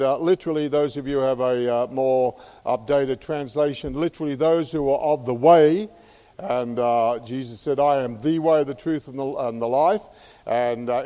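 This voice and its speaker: A man's voice: a little high, dark tone, big-room sound. A man preaching a sermon in a folksy way, with many filler sounds, asking the congregation questions as he goes.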